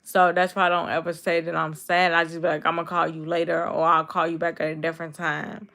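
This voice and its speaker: A woman in her twenties with a Chicago accent, chatting casually on a livestream and answering her viewers' comments. Her voice is naturally low and gravelly, the kind viewers take for a cold. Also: level tone, fairly quick, pushed and bright. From Chicago, USA. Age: 20s. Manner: talks straight to her chat, reading and answering comments.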